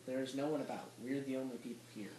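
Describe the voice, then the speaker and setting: A man's voice: medium pitch, flat delivery, quick pace. Brief: male student reader, plain script reading, echoey room with noise in the background. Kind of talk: reading a play script aloud.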